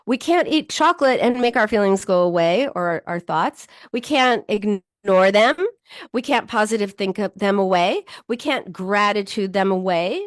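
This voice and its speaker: A middle-aged woman psychologist talking to viewers in a lively self-help style, acting out inner voices and joking at her own expense. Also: on the high side, dry recording, clean studio sound. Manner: animated, self-deprecating, acts out inner voices. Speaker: psychologist and show host.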